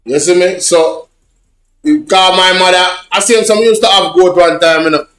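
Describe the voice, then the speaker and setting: A man's voice: high voice, fairly even intonation, normal speed, fairly bright tone, reverberant. A man with a Jamaican accent, casually telling rambling, repetitive stories in patois to his online viewers. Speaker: social media vlogger. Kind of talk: casual storytelling chat.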